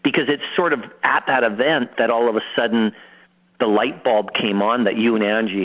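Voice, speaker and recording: A man's voice: medium pitch, lively intonation, a little fast, highs cut off. A man hosting an interview, upbeat, often repeating words as he starts a sentence. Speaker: host. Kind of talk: interviewing a guest.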